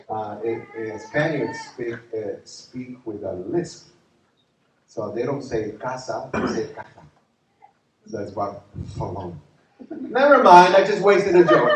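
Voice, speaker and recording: Joking pastor preaching in an echoey hall. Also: male voice, a little high, recorded from a distance, slight background noise. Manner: lively, joking, asks the crowd questions. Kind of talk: retreat sermon. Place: church retreat hall.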